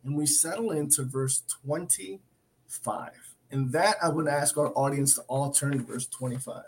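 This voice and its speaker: A man's voice: fairly high pitch, normal speed, a little hiss or hum. A man co-hosting a Christian talk show, teaching from the Bible in an earnest, emphatic way, often restarting and repeating himself. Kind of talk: Bible teaching in casual chat.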